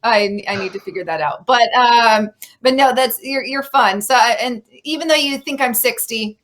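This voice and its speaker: A young woman hosts a casual interview and speaks in an animated, opinionated rush. Her voice sits a little high for a woman. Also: moderate pace. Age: young adult. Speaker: podcast host.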